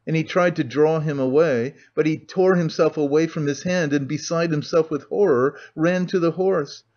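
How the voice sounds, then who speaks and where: A man reading a classic novel aloud as an audiobook narrator, in a measured storytelling manner. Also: on the high side, a little mellow. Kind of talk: scripted narration. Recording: muffled lo-fi audio.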